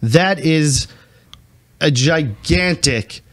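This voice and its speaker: A young man from Long Island with a slightly higher voice. He talks casually and rambles, tossing out strong, joking opinions as a podcast co-host. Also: extremely slow. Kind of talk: casual chat.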